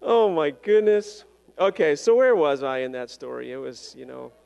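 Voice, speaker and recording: A man preaches in a fairly high voice, telling his story in a loose, self-deprecating way and laughing at his own jokes. His words ring out with the long reverb of a church sanctuary. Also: lively intonation, moderate pace, creaky, a little mellow, clean tone. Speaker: pastor. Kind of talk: sermon.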